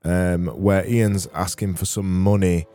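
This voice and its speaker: A man's voice: low-pitched, steady tone, slow pace, warm tone, soft background music. A man hosting a comedy podcast, reading listener messages in a dry, rambling, self-mocking way. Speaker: podcast host.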